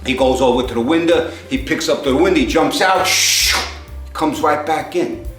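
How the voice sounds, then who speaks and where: A man with a slightly high voice, talking a little quickly, tells jokes in a wandering conversational style and gets louder to act out characters. Faint music sits behind him in a roomy-sounding space.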